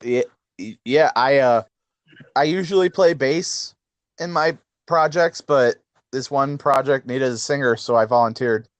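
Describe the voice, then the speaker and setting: A man's voice: medium pitch, measured pace, no room sound. A man co-hosting a casual chat podcast. He rambles, mocks himself and laughs easily. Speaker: podcast co-host.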